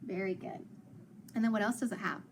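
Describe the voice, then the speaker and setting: A woman teacher with a medium-pitched voice leads a phonics lesson for young learners, patiently sounding out letters slowly and praising them often. There's a little hiss or hum in the recording.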